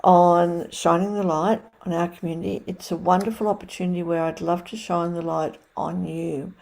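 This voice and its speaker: Effusive woman host with a warm, mellow tone. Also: fairly low pitch, level tone, normal speed, vocal fry. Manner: effusive, rambling, with many restarts. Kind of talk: interview hosting.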